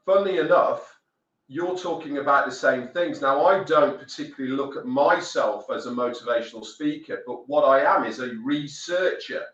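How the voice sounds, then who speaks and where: An earnest man hosts a live stream, his voice bright and emphatic. He sits back from the mic, and the audio is dull and lo-fi with a roomy echo. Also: mid-range voice, normal speed, distant mic. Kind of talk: casual chat.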